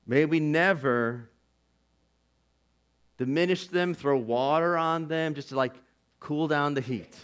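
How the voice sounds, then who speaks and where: A man preaching a sermon as pastor, earnest and conversational, swinging from loud declarations to hushed asides. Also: on the high side, slow pace, long pauses, smooth. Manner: earnest and conversational, with "like" and "you know".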